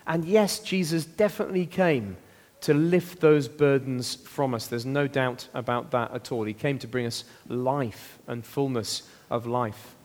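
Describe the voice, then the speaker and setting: A man preaching an interactive all-age sermon, lively and playful, with frequent exclamations. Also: mid-range voice, long reverb tail. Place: church.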